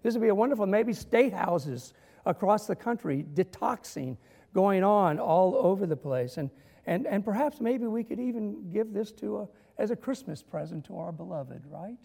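A man's voice: high-pitched, animated, moderate pace, creaky, warm tone, breathy edge, long reverb tail. A male minister preaching a sermon, telling humorous stories and building to emphatic points. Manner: storytelling with humor and dramatic emphasis.

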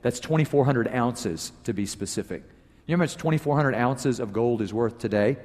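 A man preaching a sermon as pastor, telling a story with animated emphasis, his voice swinging from loud peaks to low asides. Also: brisk. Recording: long reverb of a large hall.

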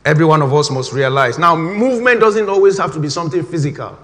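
A middle-aged man preaching an animated sermon, repeating his key phrases. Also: fairly high pitch, fast. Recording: reverberant hall.

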